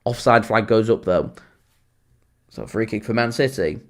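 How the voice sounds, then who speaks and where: A man's voice: lowish voice, expressive, unhurried, slight background noise. A man with a Lancashire accent hosting a live football watchalong, chatting at length and answering viewer comments. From Lancashire, England. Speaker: fan channel host.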